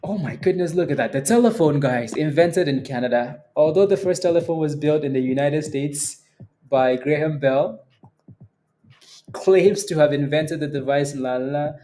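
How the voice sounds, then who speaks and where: A man with a fairly high voice, hosting a stock trading livestream in a loose, joking way and laughing a lot. Faint music plays underneath him. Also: moderate pace. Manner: joking, animated, laughs often. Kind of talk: casual livestream chat.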